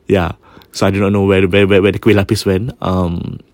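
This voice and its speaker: A man with a Singaporean English accent casually retelling a ghost story, mixing in Malay and often restarting his sentences, going quiet at the eerie parts. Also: deep voice, level tone, fairly quick, dry recording. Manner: drops to a hush for eerie parts.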